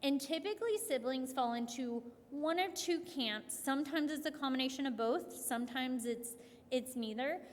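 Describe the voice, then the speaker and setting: A woman clinician giving a conversational workshop talk to families, telling stories in a lively way with frequent restarts. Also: high voice, moderate pace. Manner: conversational, animated storytelling with many restarts and "like". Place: event hall. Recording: long hall reverb.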